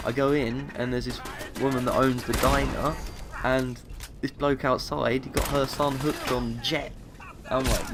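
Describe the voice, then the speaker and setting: Excitable young man with gravelly voice. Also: medium pitch, a little slow, noisy background. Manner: excitable, animated storytelling with laughs. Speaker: gaming youtuber. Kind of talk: casual gaming vlog.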